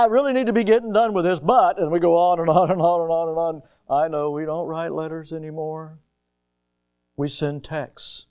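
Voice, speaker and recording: Animated preacher man, slightly high voice. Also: clean tone. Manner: animated storytelling with sudden loud rises; repeats words when starting a thought. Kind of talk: sermon.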